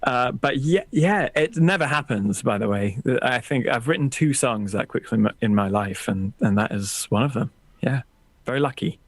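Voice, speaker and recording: A man's voice: mid-range voice, animated, normal speed, no echo. Man, casual interview guest, video call, home studio, self-deprecating, dry close sound. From England, raised partly in Texas. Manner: chatty and self-deprecating, with lots of restarts. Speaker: musician guest. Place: small purple-lit home studio room.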